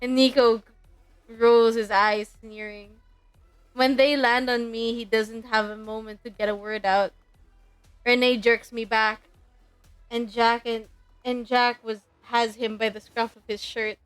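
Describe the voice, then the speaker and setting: A young woman streaming a dating game, reading the narration aloud and reacting with excitement and laughter. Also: on the high side, unhurried, smooth, faint music behind.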